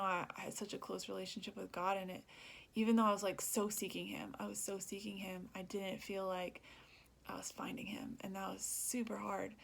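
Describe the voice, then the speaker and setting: A woman's voice: medium pitch, gravelly. A young woman talking earnestly in a personal vlog, rambling, laughing often and dropping to a whisper. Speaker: vlogger.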